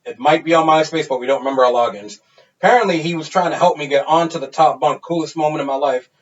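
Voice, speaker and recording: A man in his thirties spins an animated, profanity-laced party story as a podcast co-host. His voice sits a bit higher than most men's. The recording sounds dull and lo-fi. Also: quick pace. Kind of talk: casual storytelling.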